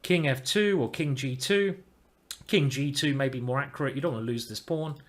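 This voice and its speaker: A man giving casual live-stream chess commentary, thinking aloud with restarts and breaking into excited exclamations. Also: mid-range voice, normal speed. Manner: bursts into excited exclamations at good moves.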